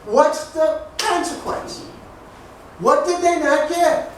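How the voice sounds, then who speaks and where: A man's voice: extremely high pitch, slow, a bit bright. A male pastor preaching a sermon in a joking, conversational way, asking the congregation questions and answering back. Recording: echoey hall picked up from a distance, faint noise.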